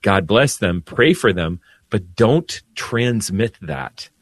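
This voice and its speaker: Man, priest radio host, low voice, calm and earnest, dry studio. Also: takes it slowly, no echo. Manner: calm, lowers voice to soothe, earnest. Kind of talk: Catholic radio talk.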